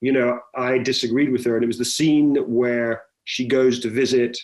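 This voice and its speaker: A man's voice: medium pitch, fairly even intonation, moderate pace. A middle-aged man, a film director, telling stories in a chatty interview with many restarts. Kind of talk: conversational interview.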